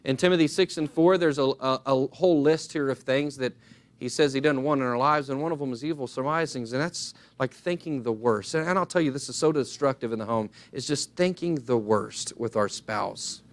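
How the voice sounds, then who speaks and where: A man preaching a sermon, earnest and emphatic, swinging his pitch widely and acting out little dialogues as he goes. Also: fairly quick.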